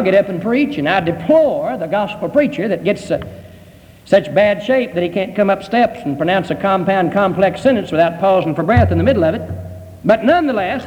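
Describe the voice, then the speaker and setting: A male preacher giving a sermon, slow and emphatic, with many rhetorical questions. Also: sits high, long reverb tail, rough recording.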